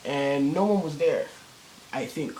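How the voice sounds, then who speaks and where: A man's voice: fairly high pitch, unhurried, mellow, a little hiss or hum, rough recording. A teenage boy telling a story in a casual vlog, rambling with many fillers and restarts and plenty of cursing. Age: teens. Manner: cursing, slangy.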